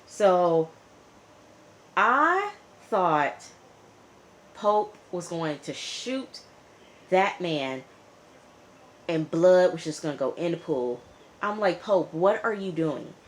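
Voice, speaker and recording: A woman's voice: fairly low pitch, animated, extremely slow, pauses often. A woman casually recapping a TV episode, chatty, with lots of fillers. She talks back to the characters as she retells the story. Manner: chatty, lots of "you know" and "like". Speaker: TV reviewer.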